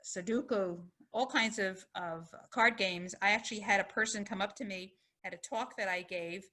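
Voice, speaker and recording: A woman's voice: medium pitch, moderate pace, pushed and bright. A woman physician giving a public health lecture, explaining in a conversational way and telling short anecdotes.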